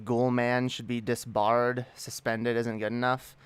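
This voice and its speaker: A man's voice: medium pitch, little pitch movement, measured pace, clean tone, no room sound. A man hosting a casual livestream, greeting his chat in a laid-back, profane way. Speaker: livestream host.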